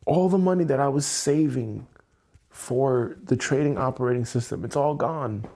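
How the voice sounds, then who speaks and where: A man hosting a livestream, venting angrily and swearing, keeping his voice low at home at night so he won't wake anyone. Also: moderate pace, warm tone. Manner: angry, swearing, exasperated. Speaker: livestream host.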